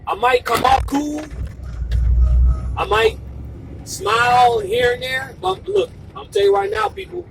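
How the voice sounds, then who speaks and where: Male video blogger, heated repetitive monologue, gravelly edge, faint background hiss. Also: very high-pitched, expressive, unhurried, long pauses, distant mic. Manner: fervent, profane, repetitive and emphatic, sometimes shouting. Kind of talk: impassioned monologue to camera.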